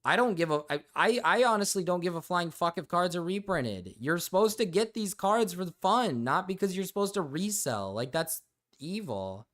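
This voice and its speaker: A man's voice: high voice, very animated, moderate pace, fairly bright tone. A young man streaming, chatting casually and rambling, often restarting sentences and swearing freely.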